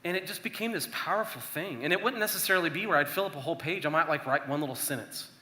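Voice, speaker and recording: A youth minister delivers a casual, conversational sermon with a fairly high, bright voice. He talks to the group like friends and drops into a hush when acting out prayers. The room around him is echoey. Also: fast talker. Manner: conversational, acts out prayers in a hushed voice.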